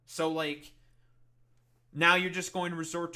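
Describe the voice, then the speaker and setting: Male streamer, fairly high and very bright, cutting voice; swears freely, sarcastic and exasperated. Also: flat delivery, normal speed, long pauses. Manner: profane, sarcastic, exasperated ranting. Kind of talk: heated livestream rant at chat.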